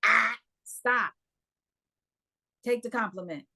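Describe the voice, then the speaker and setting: A woman's voice: on the high side, slow, sharp tone, slightly rough. Emphatic woman spiritual coach. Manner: emphatic, repeating phrases for effect. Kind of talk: motivational live chat.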